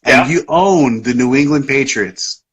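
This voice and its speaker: A man's voice: mid-range voice, unhurried, breathy edge. Rambling man hosting a podcast. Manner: rambling, many fillers and restarts. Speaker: podcast host. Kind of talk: casual chat on a live podcast.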